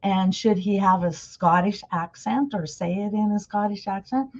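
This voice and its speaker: Woman, conference presenter, casual and question-heavy, mid-pitched, muffled video-call audio. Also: normal speed. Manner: chatty, asks the audience questions. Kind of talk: casual webinar talk.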